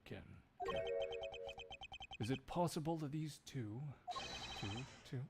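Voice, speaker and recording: A man in a live fan dub voicing a composed, aloof male prosecutor in a measured, soft tone. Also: medium pitch, expressive, loud music behind the voice.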